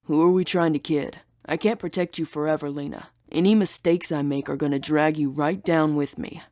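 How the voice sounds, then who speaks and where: A woman's voice: deep voice, fairly even intonation, normal speed, warm tone, dry recording, clean studio sound. A woman voicing a young man, a half-demon lover, who talks in a miserable, defensive way. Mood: brooding.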